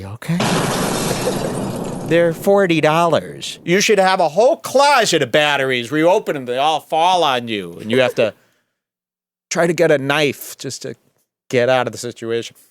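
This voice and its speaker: A man's voice: fairly high pitch, a bit bright, no room sound. Sarcastic man with a dry close voice. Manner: sarcastic, rambling, jokey. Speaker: podcast host. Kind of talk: mocking commentary on a video clip.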